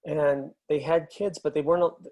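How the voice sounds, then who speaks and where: A middle-aged man, a film and TV editor, telling relaxed anecdotes as an interview guest, with plenty of fillers. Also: a little high, moderate pace. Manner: relaxed storyteller, many fillers.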